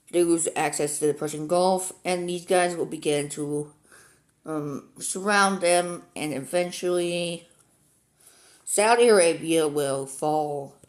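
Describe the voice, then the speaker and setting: Note: the speaker may be a child, based on the line "Jackson, are you recording?" and the mention of his dad. A rambling, slow-talking young male gamer. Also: on the high side. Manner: rambling and easily sidetracked, full of "like". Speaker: gaming commentator. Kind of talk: casual game commentary. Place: at home.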